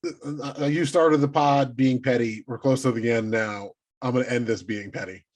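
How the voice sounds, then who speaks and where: A man co-hosting a casual sports podcast, teasing and animated, who swears casually. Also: mid-range voice, moderate pace. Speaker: podcast co-host.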